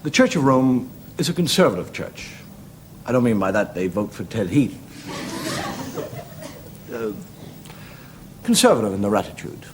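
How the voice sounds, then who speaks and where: Wry Irish comedian spinning a tale. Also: male voice, very animated, normal speed, long pauses. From Ireland. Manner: lilting, wry, rising pitch in the punchlines. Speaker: stand-up comedian. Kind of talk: stand-up storytelling. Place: television studio with audience. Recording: noisy 1970s TV broadcast.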